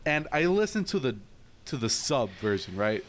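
A man's voice: medium pitch, very animated, normal speed, a little hiss or hum. A young man in casual chat, teasing his friends, swearing freely and laughing often.

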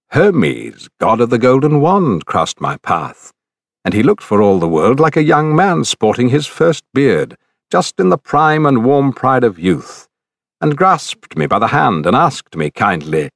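Male audiobook narrator: low, measured and dramatic, with a dry close-mic sound. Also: fairly bright tone, no room sound. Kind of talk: scripted narration of an epic.

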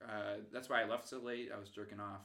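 A man telling stories in a casual podcast chat, excitable and crude, often laughing as he talks. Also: on the low side, fast talker. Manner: excitable, crude joking, laughs while talking. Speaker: podcast guest. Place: dim room recording a podcast. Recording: echoey room.

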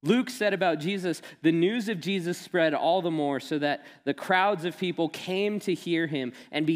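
A man giving a sermon, telling stories and mixing in casual humor. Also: medium pitch. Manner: storytelling, animated and laughing when quoting friend. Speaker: pastor. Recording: long hall reverb.

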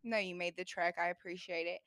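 A woman's voice: fairly low pitch, fairly even intonation, quick pace, a bit bright. A young woman from Florida hosting her podcast, chatty and laughing often, with many fillers. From Florida, United States. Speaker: podcast host, new comedian. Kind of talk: casual podcast chat.

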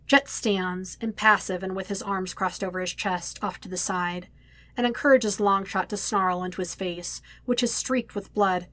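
A woman reading a fan story aloud in a quiet, steady narrating voice. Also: mid-range voice, normal speed, no echo. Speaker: podfic reader. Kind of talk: audiobook reading.

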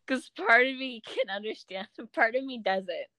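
A woman's voice: on the high side, expressive, moderate pace, sharp tone, dry recording. A young woman co-hosting a podcast in casual chat, giggling often. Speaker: podcast co-host.

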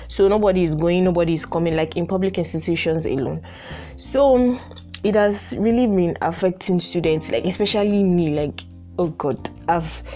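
A woman's voice: low-pitched, warm tone. A young woman from Nigeria with a Nigerian accent, hosting her own podcast in casual solo chat, chatty with frequent "like" fillers. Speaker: podcast host.

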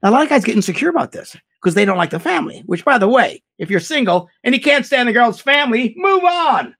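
A man giving blunt, animated relationship advice in a casual chat. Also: extremely high pitch, fast.

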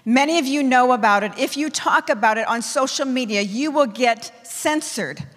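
Woman preaching a forceful sermon, echoing hall. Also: sits high, moderate pace. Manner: forceful, declamatory exhortation with emphatic lists. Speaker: apostle preaching to her church.

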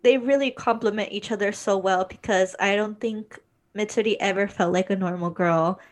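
A young woman co-hosts a relaxed conversation. She rambles, sighs often and gets emotional as she speaks, with fillers between her thoughts. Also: mid-range voice, normal speed. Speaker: podcast co-host. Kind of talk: casual chat about an anime series.

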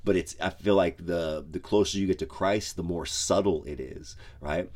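Deep-voiced man, casual pastor. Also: normal speed, darkish tone. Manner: conversational, lots of "like" and "you know". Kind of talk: casual devotional podcast talk.

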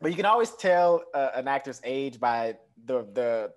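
A man in casual conversation about a film, animated and profane, acting out imagined quotes with laughter. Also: medium pitch, normal speed. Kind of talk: casual movie chat.

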